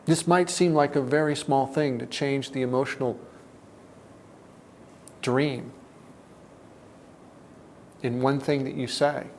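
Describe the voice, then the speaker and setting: A man giving a reflective self-help talk, deliberate and often dropping to a soft, low tone. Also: fairly even intonation, a little hiss or hum.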